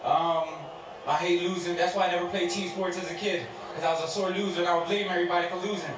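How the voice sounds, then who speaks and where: A confident man talks as a winning boxer in a post-fight interview, boasting calmly about himself. His fairly high voice comes from a distance in an echoing arena with noise behind it. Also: quick pace.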